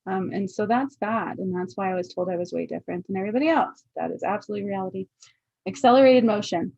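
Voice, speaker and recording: An earnest woman delivers a card reading to her livestream viewers at an everyday medium pitch. She keeps pausing to check in with her audience. The sound is dry and close, with a dull, lo-fi tone. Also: creaky, darkish tone, no echo. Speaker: spiritual card reader.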